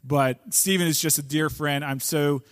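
A man, the pastor, telling a personal story to his congregation with halting restarts before introducing a guest speaker. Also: a little high, fairly even intonation. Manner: warm anecdotal, halting with restarts. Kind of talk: casual storytelling before a sermon.

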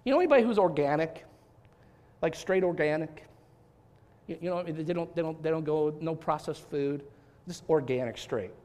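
A male pastor preaching a sermon, animated and talkative, with frequent restarts and rhetorical questions to his congregation. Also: a little high, normal speed, pauses often.

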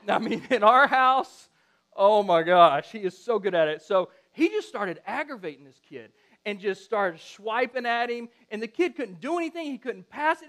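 A middle-aged preacher delivers a sermon in a high-pitched voice. He tells stories with lots of animation and acts out the lines of the people in them. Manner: animated storytelling, acts out quotes. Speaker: pastor.

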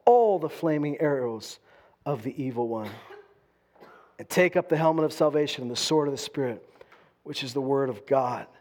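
A man preaching a sermon, moving between loud, driving bursts and quiet, low-spoken stretches. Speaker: pastor.

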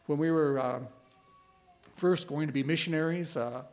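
A middle-aged man preaching a sermon as a pastor, earnest and emphatic, pausing and repeating key words. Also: a little high, darkish tone.

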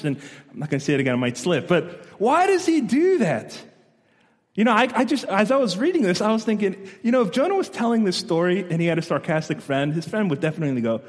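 A male pastor preaching a sermon, animated and storytelling, asking his listeners questions, in a church hall. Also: high-pitched, normal speed. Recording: long echo of a large hall.

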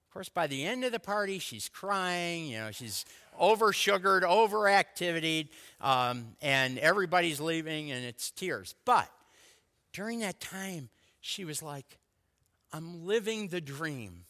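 Bright-voiced man preaching in an echoing hall. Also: a little high, measured pace. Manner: lively storytelling, swinging from loud to hushed. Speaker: pastor. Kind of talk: sermon with personal stories.

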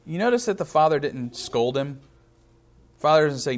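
A pastor in his thirties delivers a sermon in a relaxed, chatty storytelling way. His voice sits a little on the high side for a man, and he weaves personal stories into the teaching. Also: normal speed. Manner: conversational, storytelling with personal anecdotes.

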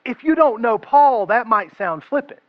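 A male pastor preaching a conversational, humorous sermon and slowing down to stress his key phrases. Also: very high-pitched, expressive, no echo, dull audio.

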